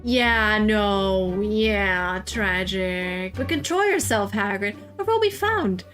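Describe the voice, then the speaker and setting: A woman voicing a strict, sharp-tongued female witch professor with a snappy, slangy manner. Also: mid-range voice, animated, takes it slowly, faint music behind.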